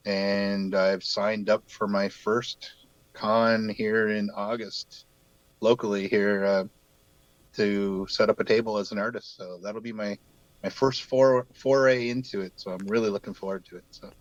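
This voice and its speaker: A man's voice: fairly low pitch, fairly even intonation, unhurried, no echo, lo-fi sound. A man in his forties from New Brunswick, Canada, with a light local accent, chatting easily and rambling with plenty of fillers as a guest artist. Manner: easygoing, rambling with many fillers. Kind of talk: casual video-call chat.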